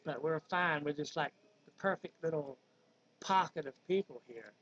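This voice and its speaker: A man's voice: fairly high pitch, normal speed, a bit bright, slightly rough. A man in his fifties from Virginia with a Southern accent, talking casually and wandering off topic with many ums. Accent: Southern American (Virginia). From Virginia, USA. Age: 50s. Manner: rambling, digressive, with many ums. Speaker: vlogger. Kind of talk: casual monologue. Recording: dull lo-fi recording.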